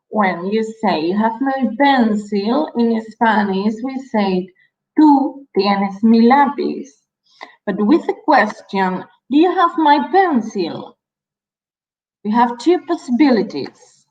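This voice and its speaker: Woman, language teacher, very slow, repeats words, lo-fi sound. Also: fairly high pitch, big pitch swings, a little mellow, reverberant. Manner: repeats words slowly for the learner. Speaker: Spanish teacher. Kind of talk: slow, careful language lesson.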